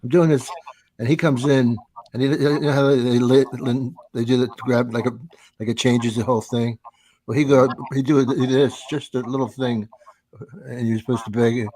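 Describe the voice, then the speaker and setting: An older man hosting a comedy podcast, rambling through stories with halting restarts and put-on voices. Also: mid-range voice, steady tone, warm tone. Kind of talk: casual comedy podcast chat.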